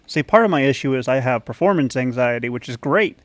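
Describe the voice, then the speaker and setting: A man's voice: medium pitch, animated, fairly quick. A man giving rambling, self-conscious commentary as a YouTuber while playing a game. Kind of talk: casual gaming commentary.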